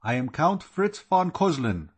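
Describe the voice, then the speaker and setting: A man's voice: a little high, sing-song, measured pace, husky, voice pushed up, full character voice. A man voicing a stiff, formal male German count with a German accent, speaking in a courtly, ceremonious way.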